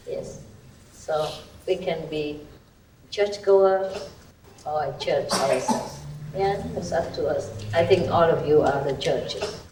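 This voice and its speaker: A woman spiritual teacher talks to a gathering in a lively, chatty way, laughing often and bending her grammar. Her voice sits fairly low, and it sounds far from the microphone in an echoey hall. There is a clear layer of noise behind her. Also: slow, pauses often. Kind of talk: spiritual talk to an audience. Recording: echoey archive recording from a distant mic with background noise.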